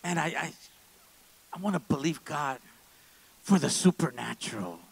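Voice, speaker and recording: A man preaching a sermon in a church service, moving between quiet, low asides and loud, fervent stretches. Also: expressive, moderate pace, gravelly, breathy edge, rough recording. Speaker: pastor.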